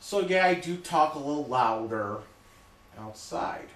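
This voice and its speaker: A man talking loudly in an emphatic, repetitive rant, often checking in with "okay?". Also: on the high side, animated, unhurried, roomy sound. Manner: loud, repetitive, emphatic, keeps saying okay. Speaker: vlogger. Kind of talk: ranting monologue to camera.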